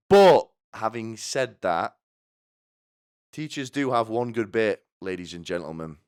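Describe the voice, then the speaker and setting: Deep-voiced sardonic man. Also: clean tone, no room sound, clean studio sound. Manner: sardonic, rambling, frequent restarts. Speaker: podcast host. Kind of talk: comedic podcast monologue.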